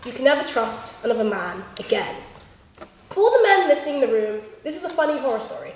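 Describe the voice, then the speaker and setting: A woman's voice: high-pitched, sing-song, fast, darkish tone, a little hiss or hum. A young woman giving a humorous debate speech with punchy, theatrical comic delivery. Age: young adult. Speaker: student debater. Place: debating chamber. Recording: echoey hall from far off.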